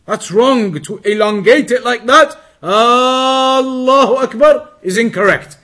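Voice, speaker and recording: Very high-voiced man teaching a religious lesson. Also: fairly bright tone. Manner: reads Arabic text quickly, then explains it slowly; demonstrates pronunciation by drawing out words. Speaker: Islamic teacher. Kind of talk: religious lesson, bilingual explanation.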